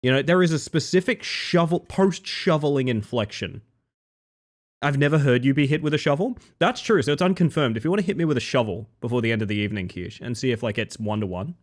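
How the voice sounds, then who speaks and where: A young man with a mid-range voice talks at a quick pace while streaming live a little sick, so his voice sounds a bit off. He banters playfully and jokily with viewers, greeting them by name.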